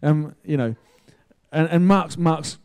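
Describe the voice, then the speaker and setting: A man preaching a sermon in a casual, chatty way, telling a story with excitable bursts. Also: fairly high pitch, slow pace, clear, resonant tone. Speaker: pastor.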